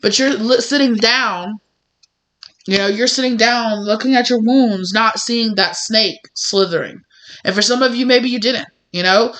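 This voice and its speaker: A woman with a bright, clear tone talks through a spiritual tarot reading. She rambles in a conversational way, leaning on fillers and slipping into small acted-out exchanges. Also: medium pitch. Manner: rambling, conversational, full of "you know" and acted-out mini dialogues. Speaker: tarot reader.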